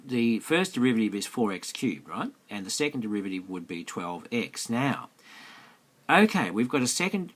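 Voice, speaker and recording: A man with a lowish voice walks students through a maths lesson in a screencast. He is chatty and repeats himself, keeps asking whether they follow, and speaks into a close mic. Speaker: maths teacher. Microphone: close mic over a tablet screencast.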